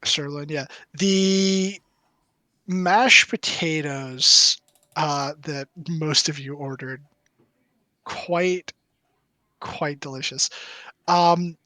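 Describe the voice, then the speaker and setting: A man running a tabletop roleplaying game, describing the scene in a loose, rambling way full of fillers and restarts. His voice sits a bit high for a man. The recording is dry and close, with no room sound. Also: drawn-out words, long pauses, bright, forceful tone, dry recording. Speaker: game master.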